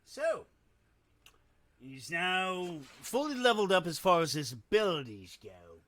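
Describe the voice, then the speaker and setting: A man's voice: high voice, sing-song, fairly bright tone. A man giving casual gameplay commentary, muttering to himself and poking fun at himself. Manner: slow, muttering to himself, self-deprecating. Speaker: gamer.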